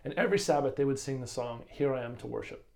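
A man with a warm, mellow voice co-hosts a casual Bible lesson talk. He tells his stories with enthusiasm, stumbling and restarting as he goes. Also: medium pitch, expressive, fast, vocal fry. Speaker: co-host of a Bible lesson commentary. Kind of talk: casual religious discussion.

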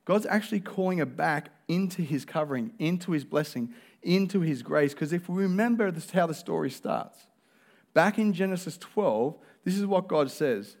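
A man's voice: on the high side, animated, moderate pace, a little mellow. A male pastor, preaching a sermon in an earnest, conversational way.

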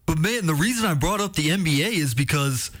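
Relaxed male co-host, conversational. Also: fairly high pitch, fairly quick. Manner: relaxed, conversational, says "man" and "you know". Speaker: radio show guest. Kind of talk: casual sports talk.

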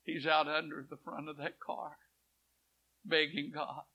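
Gravelly bright-voiced preacher. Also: male voice, fairly high pitch, little pitch movement, measured pace. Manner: storytelling with dramatic swells and hushed quotes. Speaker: pastor. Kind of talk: sermon. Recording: dull lo-fi church recording.

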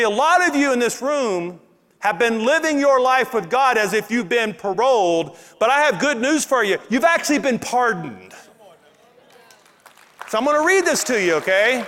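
A man with a Louisiana accent preaching a sermon as pastor, animated and emphatic, stretching out key words. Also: sits high. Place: church auditorium with congregation. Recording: long hall reverb in a church.

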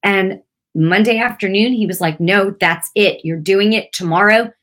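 An earnest, chatty middle-aged Christian teacher speaks conversationally in a mid-range, slightly bright voice at normal speed, repeating phrases and using many fillers. Slight background noise is audible.

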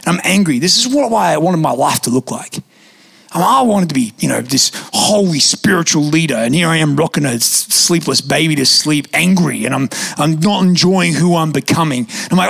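A young man preaching a sermon in a church, telling stories in a lively, conversational way with casual fillers. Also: fairly high pitch, vocal fry. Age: young adult. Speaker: pastor. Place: church auditorium.

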